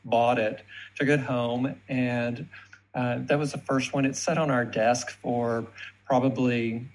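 A man's voice: medium pitch, steady tone, slow pace, rough recording. A man with a thick Texas accent, a guest telling an easygoing story in an interview. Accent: Texan. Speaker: guest, photo collector.

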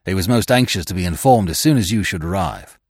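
A man voicing a grave, steadfast British museum expert who speaks in an earnest, measured way. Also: sits low, expressive, a little mellow, husky, no room sound, studio quality, heavily acted.

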